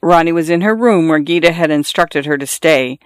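Measured narrator reading literary fiction. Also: medium pitch, clear, resonant tone, dry recording, studio quality. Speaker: audiobook narrator.

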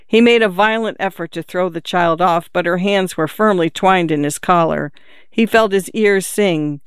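An audiobook narrator reading a literary novel in a measured, even storytelling manner. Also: medium pitch, smooth, dry recording, studio quality.

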